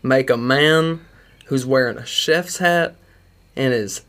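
Podcast co-host, Kentucky man, mid-pitched, rambles and laughs. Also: slow, a bit bright. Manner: rambling, laughs often, trails off. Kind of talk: casual podcast banter.

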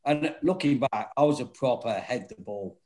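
A man's voice: medium pitch, moderate pace. A middle-aged man, telling rowdy anecdotes in casual chat, laughing often and swearing freely. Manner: laughing, swearing, animated storytelling.

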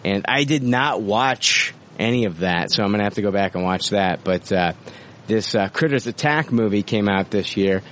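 A man's voice: fairly low pitch, normal speed, fairly bright tone, a little hiss or hum. A man hosting a podcast in casual chat, profane and rambling, with many fillers. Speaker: podcast host.

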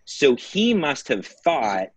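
A man's voice: medium pitch, big pitch swings, slow pace, husky, no room sound. A man telling a story on a podcast, rambling with many fillers and frequent laughs. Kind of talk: casual storytelling.

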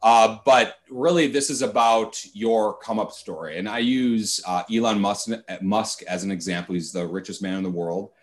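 A man hosting a podcast interview, speaking in a halting way with lots of filler words. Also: on the low side. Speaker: podcast host. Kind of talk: casual interview chat.

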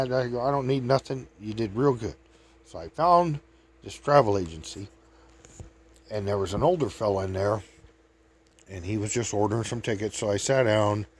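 A man telling meandering anecdotes in a chatty, casual way. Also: fairly low pitch. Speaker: vlogger. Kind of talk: rambling storytelling.

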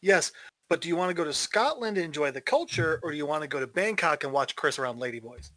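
A young man in casual chat, teasing his friends with quick jokes. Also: on the high side, expressive, sharp tone, dry recording.

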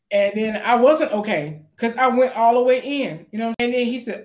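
An actress being interviewed, telling stories in a lively, animated way and acting out the voices of the people she quotes. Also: a little fast, few pauses. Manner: acts out quotes with big pitch jumps. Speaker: actress guest. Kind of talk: animated storytelling.

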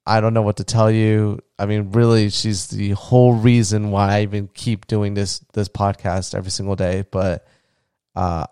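A man talks through his day on a casual solo podcast, with fillers and restarts and a lot of tenderness. His voice is low-pitched and gravelly yet smooth and resonant. The recording is dry and close, with no room sound. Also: a little mellow, no echo. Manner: rambling, heartfelt, gets emotional; many fillers and restarts, tender when talking about his child. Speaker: podcast host.

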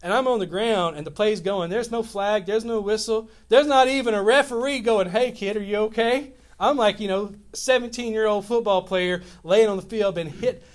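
Animated high-voiced male pastor preaching. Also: moderate pace, few pauses. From Louisiana, US. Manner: animated storytelling, rambling restarts. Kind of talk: sermon.

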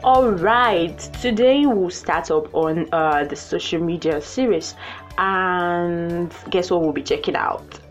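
A young woman hosting her own podcast in a playful, animated way, jumping to high excited exclamations. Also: takes it slowly. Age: young adult. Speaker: podcast host. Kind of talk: casual solo podcast chat. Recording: muffled lo-fi with faint music.

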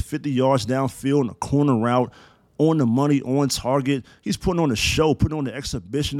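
A man rants through his own sports podcast, fired up and emphatic, with swearing all through it. His voice sits at an ordinary middle pitch. The recording is close and dry, with no room sound. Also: no room sound. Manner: profane, excitable and emphatic. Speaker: podcast host. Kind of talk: solo sports podcast rant.

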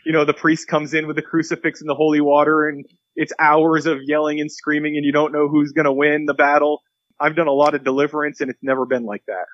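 A pastor being interviewed, telling a long story earnestly and acting out the quotes. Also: male voice, fairly high pitch, flat delivery, quick pace, a bit bright, no room sound, muffled recording.

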